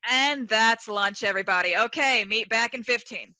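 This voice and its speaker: A woman's voice: a little high, normal speed, no room sound. An actress playing an exasperated director on a video call who raises her voice at her cast. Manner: exasperated, shouting when angry. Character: stressed, exasperated female director.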